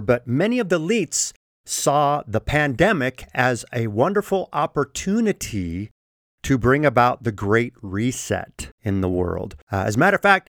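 A man's voice: medium pitch, dry recording. A man hosting his own podcast, delivering an emphatic, opinionated monologue into a close microphone. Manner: emphatic, animated, laughs at his own jokes. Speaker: podcast host.

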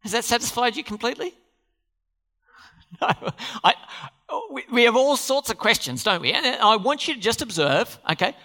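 A man preaching a sermon in a church, with a bright, ringing tone. His pitch swings widely as he throws questions at the congregation and answers them himself. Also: moderate pace. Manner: animated, asks the congregation questions. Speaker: pastor.

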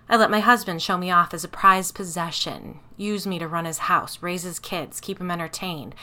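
A woman's voice: on the low side, pushed and bright. A woman voicing a possessed woman who turns cold, bitter and ominous. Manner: bitter, then slow doom-laden pronouncements.

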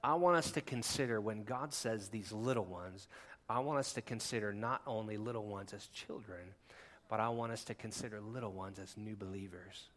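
A man preaching with a bright, forceful voice that drops to a hush and climbs to near-shouts. He talks to the congregation conversationally, slipping in asides between passionate points. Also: lowish voice, normal speed. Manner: impassioned, swinging from hushed to near-shouting. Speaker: pastor. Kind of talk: sermon.

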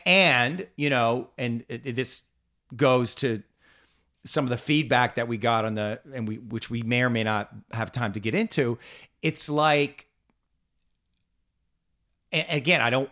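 A man's voice: mid-range voice, fairly bright tone. A man hosting a podcast, ranting heatedly, swearing constantly and repeating himself. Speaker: podcast host. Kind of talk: heated conversational rant.

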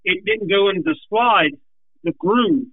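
A man's voice: high voice, a little slow, gravelly, breathy edge, no room sound. Breathless folksy man telling a racing story on a tinny phone line. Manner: animated, folksy, rambling with restarts. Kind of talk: casual storytelling.

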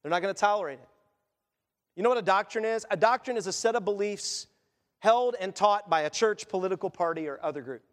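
High-voiced preaching man in a reverberant church. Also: fairly quick. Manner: conversational preaching with asides and acted quotes. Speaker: pastor. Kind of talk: sermon.

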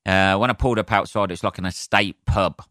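A man's voice: deep voice, fairly even intonation, fairly quick, sharp tone, dry recording, clean studio sound. Sweary ranting Southern English man. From southern England. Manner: sweary, ranty, jokey asides to listeners. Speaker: podcast host, stand-up comedian. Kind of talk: solo podcast ranting.

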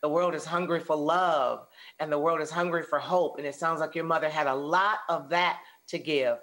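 A woman's voice: low voice, fairly even intonation, moderate pace, a bit bright. A woman hosting an interview, affirming her guest and encouraging her to share more. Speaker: host.

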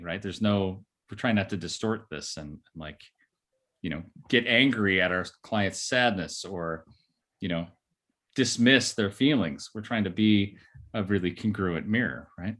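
Low-voiced male therapist explaining patiently. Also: normal speed, fairly bright tone. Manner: explains with tags like "right?" and "you know"; acts out quoted voices. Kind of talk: explanatory podcast talk.

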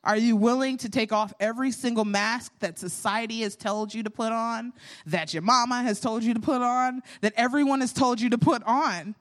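A woman's voice: fairly high pitch, normal speed. A young adult woman hosting a faith podcast, talking in an earnest, candid storytelling way with self-deprecating humor. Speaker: podcast host.

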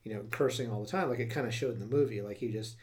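A man's voice: lowish voice, racing, a little mellow. A man co-hosting a podcast in casual chat, talking in loose starts and stops and laughing easily. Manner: chatty, many restarts and fillers, laughs easily. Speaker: podcast co-host.

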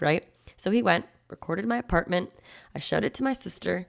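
A young woman with a low voice and a gravelly, fried edge hosts her own podcast. She tells a personal story in a candid, animated way and acts out the quoted lines as she goes. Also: moderate pace. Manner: candid, animated retelling with quoted asides and frequent "like". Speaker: podcast host.

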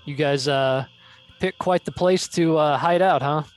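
A man's voice: fairly high pitch, a little slow, soft background music. A man playing a tabletop role-playing game, speaking in character in a dry, wry way with hesitant fillers. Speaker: player.

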